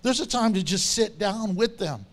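A man preaching a sermon with animated storytelling, acting out the quotes he tells. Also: high-pitched, normal speed.

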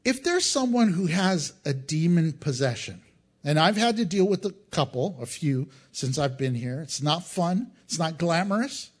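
A middle-aged male pastor preaching a sermon, animated and joking, acting out crowd voices as he goes. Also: fairly high pitch, moderate pace. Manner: animated, acts out crowd voices, jokes and chuckles.

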